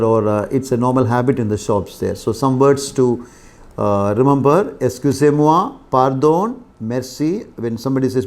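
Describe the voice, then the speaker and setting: An older man with an Indian English accent teaching basic French, explaining patiently with pauses and fillers. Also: mid-range voice, darkish tone. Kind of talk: classroom lecture.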